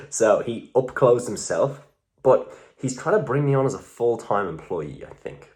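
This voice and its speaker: A man's voice: lowish voice, a little fast. A young man talking casually in a vlog, rambling, swearing often and poking fun at himself. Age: young adult. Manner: rambling, profane, self-mocking. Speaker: vlogger.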